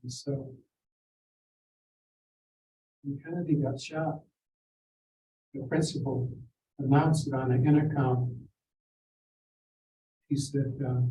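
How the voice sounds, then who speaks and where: An older Seneca man telling personal stories at a community forum in a measured, reflective way. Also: on the high side, little pitch movement, warm tone, slight background noise. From Seneca Nation. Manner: measured, reflective, quotes people in acted voices. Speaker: forum speaker. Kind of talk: personal storytelling. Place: school district forum room. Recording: roomy, distant mic with faint ambience.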